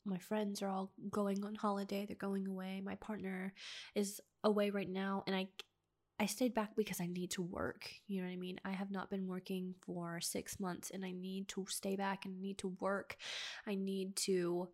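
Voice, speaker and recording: This is a young woman, speaking alone at home into a personal podcast. She talks in a halting, emotional way, starting over mid-sentence and sighing between thoughts. Her pitch sits in an ordinary middle range for a woman. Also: little pitch movement, a little mellow. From United States. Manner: halting, emotional, many restarts and sighs. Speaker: podcast host.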